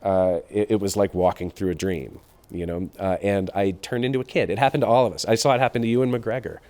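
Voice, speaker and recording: A man's voice: fairly low pitch, fast, darkish tone. A man, a film director, giving interview answers in a reflective, hesitant way with frequent fillers.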